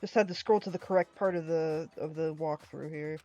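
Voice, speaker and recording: A woman's voice: low voice, a little fast, warm tone. A woman streamer giving casual, exasperated commentary on a game, laughing and swearing often. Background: faint game music.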